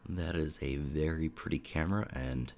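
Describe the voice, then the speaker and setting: A man's voice: extremely low pitch, normal speed, creaky. A young man with a stuffy, sniffly voice, chatting casually and rambling on a live stream from his home desk. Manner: relaxed, rambling, reads chat aloud. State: congested, sniffling.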